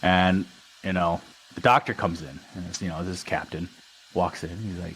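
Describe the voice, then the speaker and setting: On a podcast, a young Wisconsin man who served in the army tells stories casually, voicing the quoted dialogue with animation. His low voice moves briskly. The audio is poor, with a little hiss or hum.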